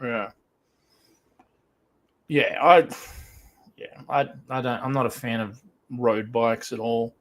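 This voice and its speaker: A man's voice: medium pitch, steady tone, slow, long pauses, a bit bright. A man co-hosting a casual livestream, telling stories with crude language and laughter. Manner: profane, storytelling, laughs at his own tales. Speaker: podcast co-host.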